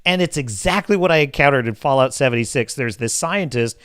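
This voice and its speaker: A man's voice: on the high side, quick pace, a bit bright, smooth, dry recording, clean studio sound. A man hosting a live podcast, ranting in a crude, sarcastic, exasperated tone. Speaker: podcast host. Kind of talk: casual live-show rant.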